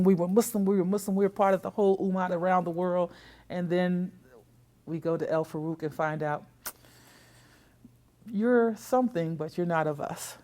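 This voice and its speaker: An older woman with a fairly low voice, recalling her community's history in a recorded interview. She talks in a reflective, storytelling way and voices other people's remarks as she tells it. Her speech is full of restarts and repeated words. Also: a little mellow.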